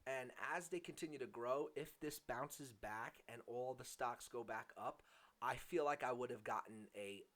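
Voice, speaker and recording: A man's voice: mid-range voice, moderate pace, a bit bright. Male vlogger with a mid-range voice, casual and chatty, full of fillers and a bit self-mocking. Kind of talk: casual vlog talk.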